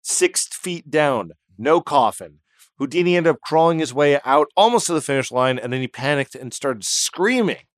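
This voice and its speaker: Telling a story on a podcast he co-hosts, a man speaks at a normal pace in an expressive, slightly high voice. He's jokey and slips into goofy character voices, and the sound is clean studio audio without echo.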